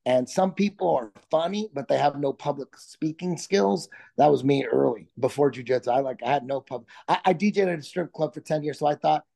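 Brisk and creaky, this middle-aged man's voice sits on the high side with a dark tone. He's a comedian and jiu-jitsu instructor chatting as an interview guest, relaxed, frequently restarting his sentences and quick to laugh.

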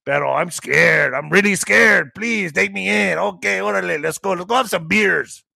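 A man's voice: sits high, normal speed, gravelly, bright, forceful tone, slightly rough, dry recording, heavily acted. Man doing a frightened male migrant, whiny, begging, dry close sound. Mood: pleading.

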